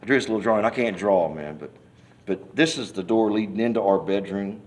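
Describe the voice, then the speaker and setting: A man's voice: lowish voice, brisk. A man giving a personal testimony in an interview, telling his story in a folksy, rambling way and acting out the scenes as he goes. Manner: animated storyteller, acts out scenes and hollers quoted cries; folksy, rambling speech with many restarts. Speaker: church member giving testimony.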